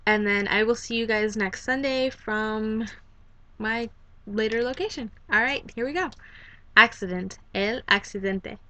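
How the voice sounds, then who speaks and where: A woman's voice: mid-range voice, pushed and bright, dry recording. A young woman casually teaching a Spanish lesson, rambling with many ums and self-corrections. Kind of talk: casual online language lesson.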